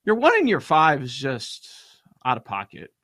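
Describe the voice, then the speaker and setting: Male co-host, wry and teasing; lively pitch, dry sound. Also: moderate pace, no room sound. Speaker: podcast co-host. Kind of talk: casual podcast chat.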